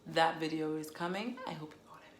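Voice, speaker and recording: A woman chats casually about a novel she loved, playful and amused at her own jokes. Her voice sits fairly low for a woman. The room adds a noticeable echo around her. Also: steady tone, brisk, slight background noise. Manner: chatty, playful, laughs at herself. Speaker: book vlogger. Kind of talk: casual book review. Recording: roomy echo.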